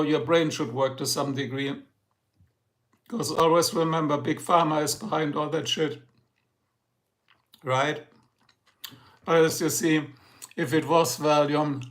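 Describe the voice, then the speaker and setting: A middle-aged man with a German accent, a native German speaker, hosting a casual livestream and chatting with viewers in a rambling, joking way. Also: on the high side. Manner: rambling, joking, addresses chat by name. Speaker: livestream host.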